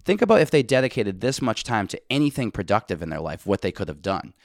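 Podcast guy w a really deep voice, wry and jokey, dry close sound. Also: big pitch swings, fast talker, vocal fry, no room sound. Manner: wry, joking storyteller. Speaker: podcast co-host. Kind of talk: casual chat.

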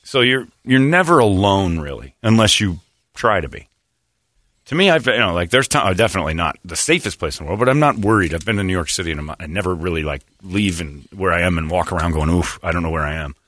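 Man, radio host, low voice, lively swings in pitch, bright tone, dry studio sound. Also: fast talker, no room sound. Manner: rambling storyteller, laughs often, acts out quotes. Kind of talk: casual talk radio banter.

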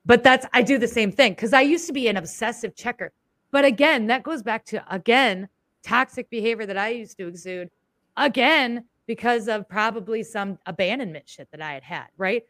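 Woman chatting casually, kinda high voice, animated, swears a lot. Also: moderate pace, no echo. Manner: animated, swearing, storytelling with acted-out quotes. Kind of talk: casual chat.

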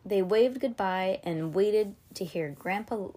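A woman's voice: medium pitch, slow pace, dark tone. A woman hosting a podcast, reading a children's novel aloud in a casual way with chatty asides. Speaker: podcast host.

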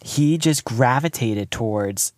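A man's voice: mid-range voice, lively intonation, slow pace, no room sound. A man co-hosting a podcast in casual chat, rambling and laughing often. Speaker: podcast co-host.

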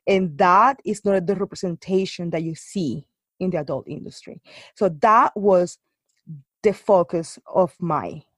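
A woman's voice: lowish voice, a bit bright, dry recording. A woman guest in a casual interview, talking earnestly with frequent restarts and hesitations. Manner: halting, restarts often, earnest.

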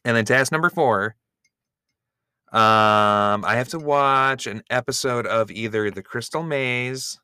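In studio-quality, dry audio, a medium-pitched man talks slowly with a pushed, bright, clean tone. He's a podcast co-host engaged in easygoing banter, playful and teasing.

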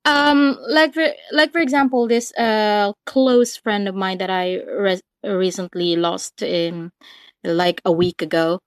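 A Filipino woman in her twenties with a slight British tinge, calling in to a podcast, talking quickly with many ums and likes. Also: medium pitch, fairly even intonation, no room sound. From Philippines. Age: 20s. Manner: quick, hesitant, many fillers. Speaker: caller. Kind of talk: casual call-in chat.

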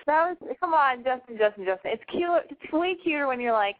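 Woman, call-in host, casual chat, blunt and profane, fairly high voice, thin phone-like audio. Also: expressive, fast talker, hardly any pauses. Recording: tinny phone-like sound.

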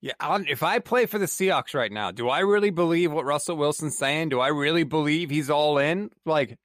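A man's voice: on the high side, brisk, fairly bright tone, no room sound, clean studio sound. A man co-hosting a sports podcast, ranting in exasperation and swearing freely. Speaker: podcast co-host. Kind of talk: heated sports podcast rant.

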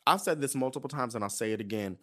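Animated, profane man in his thirties. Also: mid-range voice, fast. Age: 30s. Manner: animated, profane, acts out quoted voices. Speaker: podcast host. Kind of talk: casual chat.

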